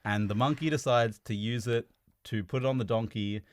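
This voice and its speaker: A man's voice: mid-range voice, fairly even intonation, brisk. A man on a casual podcast, retelling a story in a rambling way, swearing and laughing as he goes.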